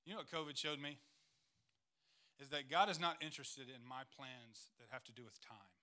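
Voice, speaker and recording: A man's voice: medium pitch, steady tone, moderate pace, bright, forceful tone. A man, a church planter telling stories in a missions presentation, earnest and emotional, near tears at times.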